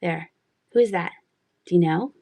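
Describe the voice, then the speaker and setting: Casual live-seller, woman, gravelly fry, chatty and giggly, wanders off on tangents. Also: lowish voice, normal speed, dark tone, no room sound. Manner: chatty, giggly, rambling asides. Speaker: online thrift seller. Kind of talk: casual live-stream selling.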